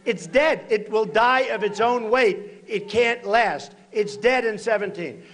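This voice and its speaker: A man in his sixties giving a campaign rally speech at a podium, repeating short punchy phrases and breaking into shouts. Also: high-pitched, a little slow. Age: 60s. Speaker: political candidate at a rally. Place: large rally venue.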